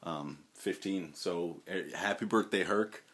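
A man talking casually to the camera at home in a rambling, halting way, full of fillers and restarts, sometimes turning to speak fondly to his dog. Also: deep voice, a bit bright. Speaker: vlogger.

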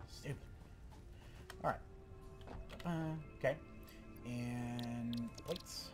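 A man hosting a let's play, giving excitable, rambling gameplay commentary and talking to himself. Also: mid-range voice, slow pace, pauses often, faint music behind.

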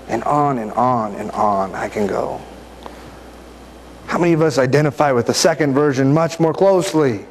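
With a mid-range voice at a moderate pace, a male preacher delivers a conversational sermon, frequently asking his listeners questions and reading scripture aloud. A faint hiss or hum runs under the recording.

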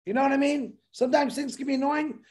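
An excitable man rambling through a pep talk as a webinar co-presenter over a video call, laughing while he talks. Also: extremely high pitch, fast talker.

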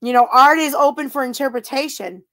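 A woman's voice: sits high, fairly even intonation, fairly quick, sharp tone. A woman chatting casually on a livestream, reading out viewer comments, giggly and laughing often, thanking viewers. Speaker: livestream host.

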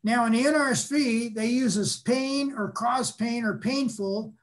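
An older man lecturing, explaining patiently and pausing to restate his points. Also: very high voice. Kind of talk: academic lecture.

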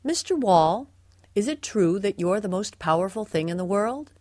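A woman's voice: mid-range voice, lively intonation, normal speed, darkish tone, no echo, clean studio sound, natural voice. A woman voicing a fussy, anxious father mouse in a storybook, calling out eagerly and stammering at times.

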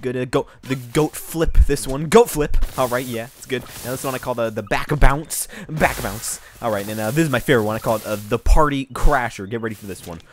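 A man's voice: medium pitch, noisy background. A man giving rambling, silly let's-play commentary, narrating his character in a joking third-person voice. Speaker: gaming YouTuber.

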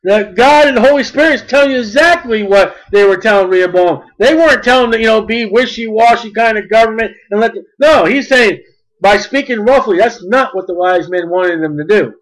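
A man preaching a sermon, blunt and folksy, mocking at times and rising to shouts. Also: high-pitched, fairly quick, low-quality recording.

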